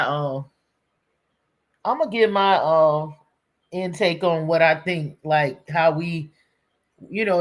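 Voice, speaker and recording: Halting woman reacting to clips, bright tone. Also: deep voice. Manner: halting, repeats words. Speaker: reaction video host. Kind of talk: casual commentary.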